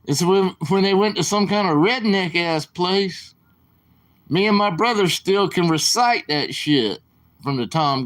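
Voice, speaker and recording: A man rambles through casual talk on his live stream, drawing out his words at a slow, unhurried pace. His speaking voice sits fairly high for a man. He drifts between stories and apologies in a loose, informal way. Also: fairly bright tone.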